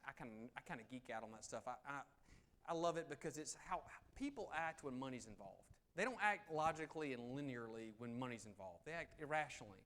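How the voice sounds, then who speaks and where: A middle-aged man giving a live negotiation seminar, swinging between loud emphasis and soft, low asides. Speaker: negotiation speaker. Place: meeting room with audience.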